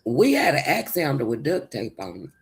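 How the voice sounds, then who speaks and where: A woman's voice: a bass voice, big pitch swings, moderate pace. A woman with a Southern US country accent, chatting casually on a livestream and answering her chat in a rambling way. Her voice sounds sleepy, as if she just woke up. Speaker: livestream host.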